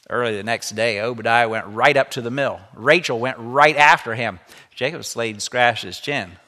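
A man's voice: medium pitch, normal speed, pushed and bright. A man teaching a lesson, reading a children's story aloud and stopping to explain it. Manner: explanatory, stops to comment. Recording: echoey room with long reverb.

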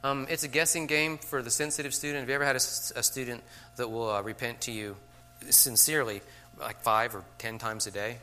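Bright-voiced man lecturing teachers. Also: medium pitch, steady tone, fairly quick, a little hiss or hum. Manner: frequent "okay?" check-ins, acts out classroom scenes. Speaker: teacher trainer.

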